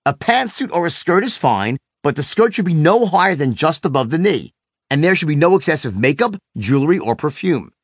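A man's voice: a little high, sing-song, fairly quick, slightly rough, no room sound, clean studio sound. A man narrating a self-help book as a sales and communication trainer, emphatic and punchy, telling stories.

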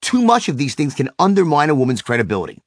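A man's voice: on the high side, big pitch swings, fast talker, dry recording, studio quality. A man narrating a self-help book as a sales and communication trainer, emphatic and punchy, telling stories.

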